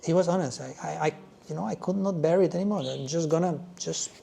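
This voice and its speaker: A male yoga teacher leading a class in an animated way, with halting phrasing and frequent "yes?" check-ins. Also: fairly high pitch, creaky, a little hiss or hum. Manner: loose, halting phrasing with restarts.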